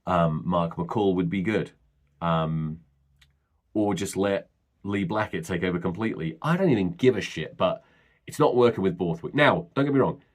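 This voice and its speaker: A deep-voiced man hosts his own podcast alone and rambles through a blunt rant. He swears freely, stops and restarts his thoughts, and sounds casual and unpolished. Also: animated, normal speed. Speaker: podcast host.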